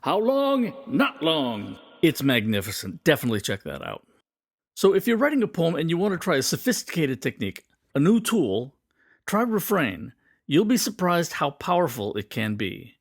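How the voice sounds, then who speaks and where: A man with a fairly high voice gives a poetry lesson, and his pitch swings widely as he explains. He slows down to read quoted lines with drama. The recording is dry and close. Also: vocal fry, no room sound. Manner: lively, reads quoted lines slowly and dramatically. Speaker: poetry teacher. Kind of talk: explanatory lesson with poem readings.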